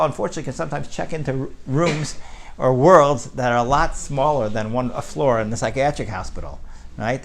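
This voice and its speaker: A man's voice: a little high, slight background noise. A man giving a conversational Torah class, often checking with his listeners by asking "right?". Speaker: Torah teacher.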